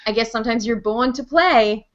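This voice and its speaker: A woman, a voice actor and host, telling stories in a chatty, animated way during an interview over a video call. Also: on the high side, dull audio. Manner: chatty, animated storyteller, quick laughs. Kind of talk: casual interview chat.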